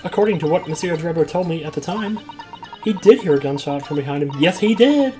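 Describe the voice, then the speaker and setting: A man doing a theatrical middle-aged lady, French-tinged, pitched well above his own voice, with a light tune behind. She talks in a fussy, affected way. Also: lively intonation, brisk, music in the background, lightly acted. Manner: high put-on voice with French exclamations.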